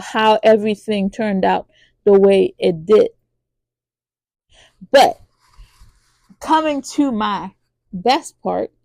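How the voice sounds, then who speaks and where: A woman hosting a podcast who recaps a TV drama in a casual, animated way, with lots of fillers and acted-out lines. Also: vocal fry, dry recording. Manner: acts out characters' lines in high voices. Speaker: podcast host reviewing a TV drama.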